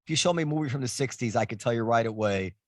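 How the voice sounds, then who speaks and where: A man's voice: medium pitch, rapid-fire, dry recording, studio quality. A man hosting a casual table chat, musing and thinking aloud with restarts. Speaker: host.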